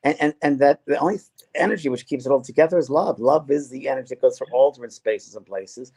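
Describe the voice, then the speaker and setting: A man's voice: medium pitch, quick pace, darkish tone, slightly rough. Earnest middle-aged man talking about spirits. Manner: earnest, emotional, quotes spirits in their own words. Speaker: spiritual medium and co-host. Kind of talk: casual spiritual chat.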